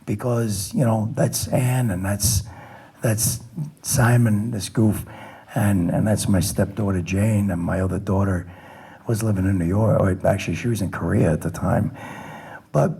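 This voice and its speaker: A man's voice: lowish voice, steady tone, measured pace, vocal fry, mellow, slightly rough. A middle-aged man, a police lieutenant, giving a plainspoken personal account with self-deprecating humor and frequent restarts. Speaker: police lieutenant recounting a shooting. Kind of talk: personal testimony talk.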